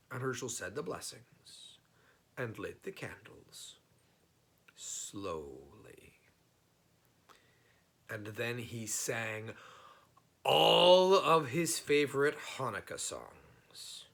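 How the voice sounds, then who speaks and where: Unhurried man reading a storybook aloud. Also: mid-range voice, expressive, creaky, a bit bright, breathy edge.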